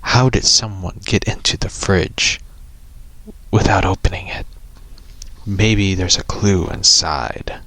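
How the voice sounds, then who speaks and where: A man doing a calm, slow-musing young hero. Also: low voice, no room sound, whispered, exaggerated voice. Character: young male hero, detective-minded, calm and serious.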